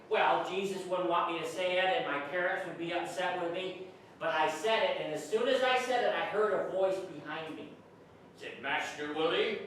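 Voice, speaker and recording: A man's voice: a little high, fairly bright tone. A man telling playful comic stories to children in a church, chatting with them and asking them questions. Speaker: children's entertainer. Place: church hall. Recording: very echoey hall, distant, faint hiss.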